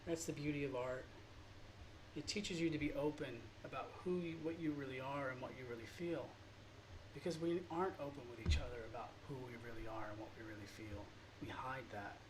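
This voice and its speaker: Male art teacher, slightly high voice, earnest and rambling, gets emotional; faint background noise. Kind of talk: informal drawing lesson monologue.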